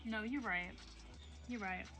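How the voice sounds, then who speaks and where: A woman with a Northern English accent from near Sheffield, chatting casually on a livestream, blunt, sweary and quick to laugh. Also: mid-range voice, pushed and bright, faint music behind. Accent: Northern English, Sheffield area. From northern England, near Sheffield. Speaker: co-streamer guest.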